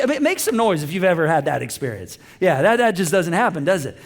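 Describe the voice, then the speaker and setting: A man with a notably high voice gives a conversational church sermon, stumbling over restarts and slipping into playful acted-out voices when quoting people. He talks directly to the congregation and asks them to respond. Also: big pitch swings, fast, few pauses. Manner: conversational preaching with many restarts, acting out quoted voices. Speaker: pastor. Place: church auditorium with a live congregation.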